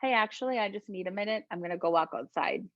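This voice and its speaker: Colombian-born woman, lowish voice, calm reflective chat, dull dry call audio. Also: quick pace, no echo. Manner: gentle, reflective, laughs often. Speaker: guest, intuitive healer. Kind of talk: casual interview talk.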